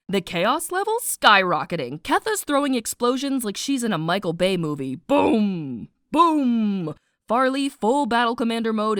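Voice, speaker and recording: A woman narrating a snarky animated book summary, playful and sarcastic, with slang asides and spoken sound effects. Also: medium pitch, no room sound, clean studio sound.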